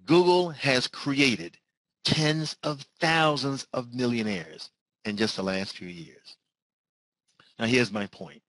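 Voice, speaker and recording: A man presenting a sales webinar, talking fast and driving home the same point again and again. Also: a bit bright, no echo, rough recording. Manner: fast-talking, repetitive pitch.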